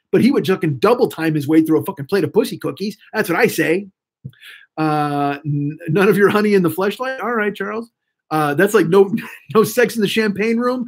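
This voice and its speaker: A man's voice: high-pitched, breathy edge. A man in his forties rambling profanely to a live-stream audience, restarting sentences often. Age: 40s.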